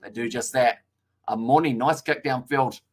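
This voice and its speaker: A man with a New Zealand accent giving steady amateur play-by-play on a live rugby game, stumbling now and then over player names. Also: mid-range voice, moderate pace. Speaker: live reaction commentator.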